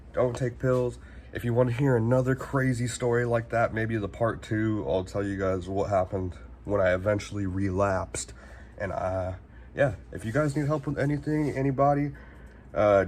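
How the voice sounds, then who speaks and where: A man's voice: lowish voice, a little mellow, slight background noise. A man, telling a casual storytime in a rambling, slangy way, swearing freely and saying "like" constantly. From Northern California. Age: 20s. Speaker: vlogger.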